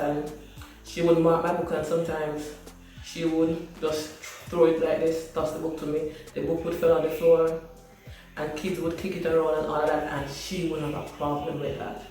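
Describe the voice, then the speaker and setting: A woman's voice: low-pitched, darkish tone, recorded from a distance. A Jamaican woman in her thirties speaks straight to her viewers, earnest and emotional as she recounts her childhood. Her voice rings around a hard, very echoey room and sits a little back from the microphone. Faint music plays underneath. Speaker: vlogger. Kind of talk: personal storytelling to camera. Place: small hot library room at home, indoors.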